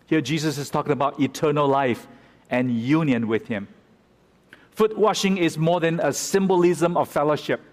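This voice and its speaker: A man delivers a sermon, explaining scripture verse by verse and turning dramatic whenever he quotes it. His voice sits a little high for a man. A long reverb from the hall trails after his words. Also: moderate pace. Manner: expository, dramatic when quoting scripture. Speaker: pastor.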